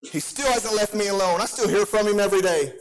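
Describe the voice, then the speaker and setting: A man's voice: high voice, quick pace. A pastor preaching a sermon with an impassioned, sing-song cadence and frequent call-outs to his congregation.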